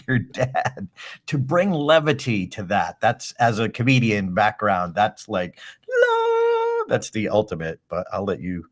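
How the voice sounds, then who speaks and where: Low-voiced podcast host, rambling and eager. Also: male voice, a little slow. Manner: enthusiastic, rambling, with restarts. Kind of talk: casual interview chat.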